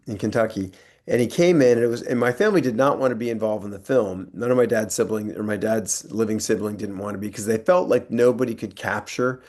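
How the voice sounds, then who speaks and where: A man's voice: lowish voice, darkish tone. A man in his sixties from the United States, telling anecdotes as a guest speaker in a rambling, conversational way. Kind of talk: anecdotal storytelling talk.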